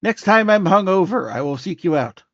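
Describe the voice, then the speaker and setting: A man's voice: sits high, animated, normal speed, no room sound. A man playing his tabletop character in wry, self-deprecating speech. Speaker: player voicing Professor Chronotis. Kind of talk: in-character tabletop role-play. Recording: dry, muffled online call audio.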